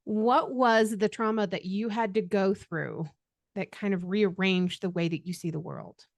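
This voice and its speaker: A woman's voice: medium pitch, a little slow, gravelly, dry recording, studio quality. A woman hosting a podcast interview, asking questions and offering supportive comments. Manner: supportive, encouraging. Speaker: podcast host. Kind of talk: interview conversation.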